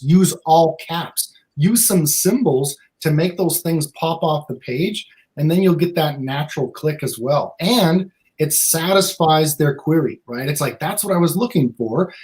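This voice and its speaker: A man's voice: on the high side, darkish tone. A man speaking as a guest on a livestream panel, explaining tips and voicing what a user might think. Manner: explanatory, acts out users' thoughts, some restarts. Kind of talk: casual livestream panel advice.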